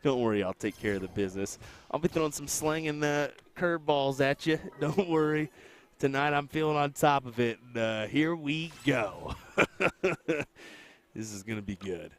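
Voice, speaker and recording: A man commenting on a darts match on a live stream, with relaxed, joking banter. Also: on the high side, moderate pace. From United States.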